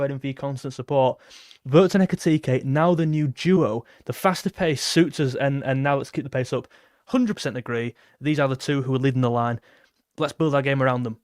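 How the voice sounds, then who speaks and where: A young man with a slightly mellow mid-range voice runs a casual football fan stream, reading out donations and viewer messages and thanking donors conversationally. It's recorded in clean studio sound with no echo.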